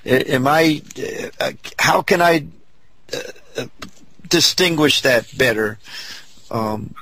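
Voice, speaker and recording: A man's voice: mid-range voice, takes it slowly, sharp tone, breathy edge. A man hosting a political talk show, speaking hesitantly and searching for his words.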